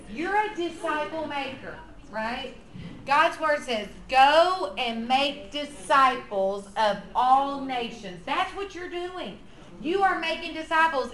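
A woman's voice: high voice, a bit bright, reverberant. A woman leading an upbeat training workshop for church nursery teachers, coaching and encouraging the group. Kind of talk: energetic training workshop for volunteers. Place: church classroom.

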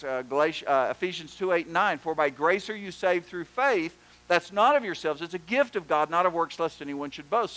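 A pastor preaching a sermon, telling stories and doing animated voices for the people in them. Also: male voice, sits high, poor audio. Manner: storytelling, animated joke voices.

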